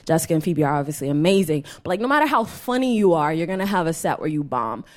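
Lively young woman doing stand-up. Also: sits low, fast talker. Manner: animated, laughing often, self-mocking asides. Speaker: stand-up comedian. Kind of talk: live stand-up set.

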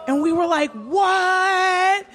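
Young woman, high voice, casual storyteller who jumps into character voices. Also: normal speed, faint music behind, some chatter behind. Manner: animated, swearing, acts out voices in her stories.

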